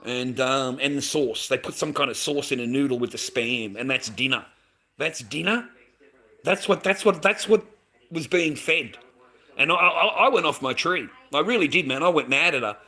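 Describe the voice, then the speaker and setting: Australian dad, fired-up ranting vlogger, sharp bright tone, swears a lot. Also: male voice, mid-range voice, normal speed. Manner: heated, swearing, rants, calls the listener "mate". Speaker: vlogger, father. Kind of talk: ranting monologue to camera.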